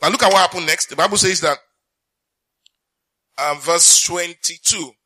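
A male preacher with a bright, ringing voice, delivering a sermon with emphatic repetition and questions thrown out to his listeners. He pitches a little higher than most men. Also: normal speed. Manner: emphatic, repeats lines for effect, reads scripture aloud; asks the congregation questions.

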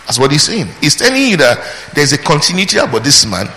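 A man's voice: a little high, very animated, fast talker, sharp tone. A man preaching a sermon, emphatic, asking the congregation questions, answering them himself, and calling out praise between points. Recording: long hall reverb with faint background noise.

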